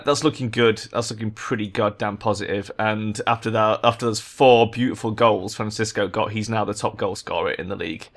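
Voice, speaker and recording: A man giving game commentary as a gaming video maker, exasperated and swearing a lot, breaking into loud rants. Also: on the low side. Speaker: gaming YouTuber.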